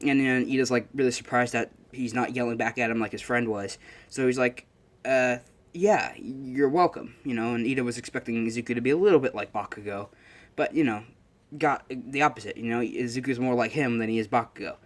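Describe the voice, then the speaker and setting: A young man talks through a fan story idea in a loose, rambling way. He fills his speech with fillers and often corrects himself. His voice is middle-pitched and ordinary for a man. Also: steady tone, fast.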